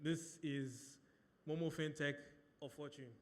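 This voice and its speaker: Ghanaian MC booming through a big hall. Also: male voice, fairly even intonation, unhurried. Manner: playful, engaging the crowd with questions. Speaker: master of ceremonies. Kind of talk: live event hosting. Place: large hotel event hall. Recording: long reverb of a big hall.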